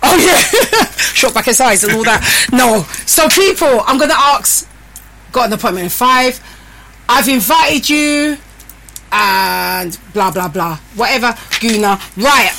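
A woman's voice: fairly high pitch, measured pace, vocal fry, bright, forceful tone, slight background noise. A woman hosting a live radio show, chatting in a bossy, teasing way full of slang. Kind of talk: casual live radio chat.

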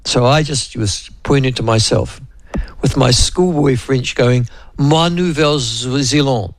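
Chatty New Zealand radio host, dry sound. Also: male voice, medium pitch, a little slow, no room sound, poor audio. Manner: rambling, chatty, digressive. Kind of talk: casual radio chat.

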